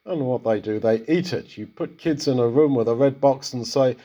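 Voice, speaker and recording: A man's voice: mid-range voice, normal speed, dark tone, lo-fi sound. A man giving a conversational Bible exposition, talking through a passage and putting rhetorical questions to his listeners. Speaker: Bible teacher.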